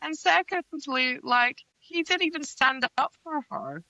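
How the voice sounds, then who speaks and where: A woman trades sassy, opinionated takes on a book podcast. Her bright voice sits dry and close to the mic. She keeps the chat quick, loose and full of playful slang. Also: sits high, no room sound, dull audio. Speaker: podcast co-host. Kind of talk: casual book discussion.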